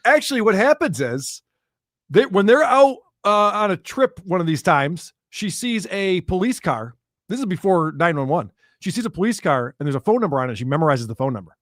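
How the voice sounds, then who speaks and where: A man co-hosting a podcast, telling a true crime story in an animated, joking way and laughing often. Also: sits high, a little fast, no room sound, studio quality. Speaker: podcast co-host. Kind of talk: casual storytelling chat about true crime.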